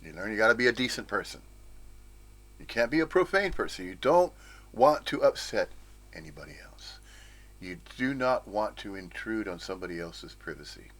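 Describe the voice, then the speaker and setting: A man's voice: lowish voice, sing-song, moderate pace, fairly bright tone. A man from the United States giving an informal, rambling spiritual talk, with frequent chuckles and playful asides. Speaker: spiritual teacher.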